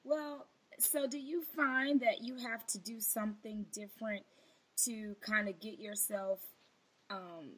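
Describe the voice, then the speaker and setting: A woman's voice: on the high side, steady tone, a little slow, fairly bright tone, husky, poor audio. A woman hosting an interview, chatty and affirming with her guest. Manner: chatty, laughs along, affirming. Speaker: podcast host. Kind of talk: casual interview chat.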